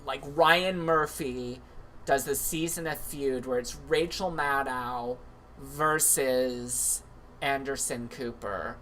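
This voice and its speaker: A man's voice: medium pitch, slow pace, sharp tone, slight background noise. A man hosting a livestream, chatting in a campy, comedic way with lots of asides. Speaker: livestream host. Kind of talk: casual comedic commentary.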